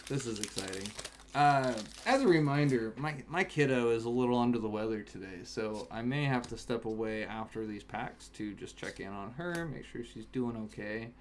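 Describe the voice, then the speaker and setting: A man casually chatting on a home stream while opening card packs, breaking into excited shouts over good pulls. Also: mid-range voice, moderate pace, a little hiss or hum. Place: home, in Alaska. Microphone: webcam setup.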